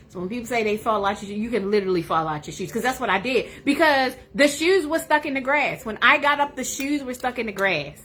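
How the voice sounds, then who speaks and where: A woman hosting a livestream, telling a funny personal story in a casual, animated way. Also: on the high side, a little fast, slight background noise. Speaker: livestream host.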